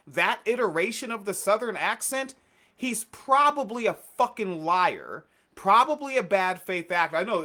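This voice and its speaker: A man's voice: high-pitched, sharp tone. A man co-hosting a casual radio chat, blunt and profane, with a sarcastic, ranting way of talking. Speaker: co-host.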